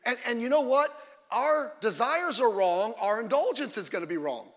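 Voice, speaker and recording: A man preaching a sermon as a pastor, emphatic and fiery, often breaking off into quick asides. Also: very high voice, animated, long reverb tail.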